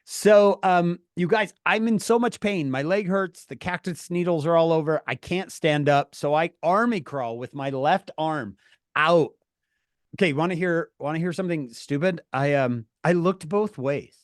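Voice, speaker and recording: A man telling a story to his viewers, animated and laughing through his words, calling on chat by name. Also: fairly high pitch, normal speed, dry recording, studio quality. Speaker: streamer talking to viewers. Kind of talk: casual storytelling.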